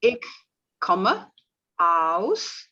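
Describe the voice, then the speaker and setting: A woman reads German lines aloud in an online class, very slowly, one word at a time. Her voice sounds bright and swings lively in pitch. The video-call audio is muffled and dull. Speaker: language student. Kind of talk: reading aloud in a lesson.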